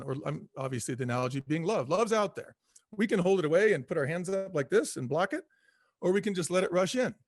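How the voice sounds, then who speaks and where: A man's voice: a little high, no room sound. Earnest middle-aged man, dry close sound. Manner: earnest, reflective, repeats himself, laughs easily. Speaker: guest author. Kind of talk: conversational interview.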